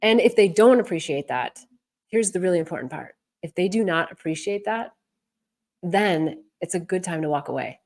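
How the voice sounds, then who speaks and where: A woman's voice: on the low side, lively intonation, moderate pace, a little mellow. A woman hosting a live advice session as an intuitive advisor, speaking candidly and encouragingly.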